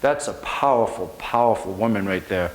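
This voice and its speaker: A man's voice: fairly low pitch, normal speed, slight background noise. A middle-aged American man giving a motivational speech to a room, telling stories earnestly with emphatic repetition. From United States. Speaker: motivational speaker. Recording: echoey room.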